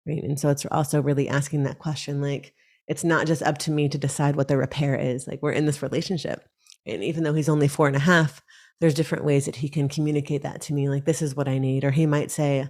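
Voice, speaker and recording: A woman in her thirties speaking calmly and reflectively as a guest on a podcast interview. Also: low-pitched, a little fast. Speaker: guest, breathwork teacher.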